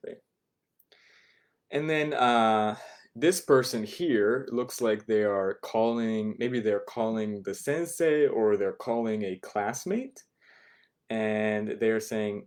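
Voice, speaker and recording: A man's voice: on the low side, a little mellow. A man teaching a beginner language class online, explaining phrases patiently and often checking in with "right?". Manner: repeats phrases slowly for learners.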